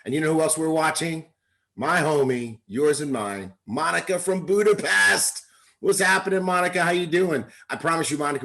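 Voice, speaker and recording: A man hosting a weekly livestream training, reading out viewer shout-outs in an upbeat, hyped-up way. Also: medium pitch, poor audio. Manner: upbeat, hype. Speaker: host.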